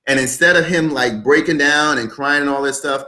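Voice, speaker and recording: A man's voice: a little high, moderate pace, pushed and bright. A man in his twenties, a podcast guest, talking emphatically and repeating his points like a motivational speaker. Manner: emphatic, repetitive motivational talk. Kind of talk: podcast interview.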